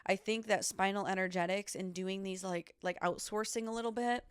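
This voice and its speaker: A woman's voice: mid-range voice, steady tone, moderate pace, clear, resonant tone, no room sound, studio quality. A woman hosting her own podcast, talking candidly and emphatically, swearing often and filling with "like" and "okay.". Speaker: podcast host. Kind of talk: candid solo podcast chat.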